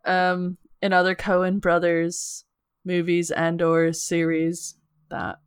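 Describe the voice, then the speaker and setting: Low-voiced Minnesotan woman, dry sound. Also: monotone, takes it slowly, smooth, no echo. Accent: Minnesotan softened by years in England. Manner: laughs often, easygoing. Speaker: podcast guest. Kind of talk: casual chat.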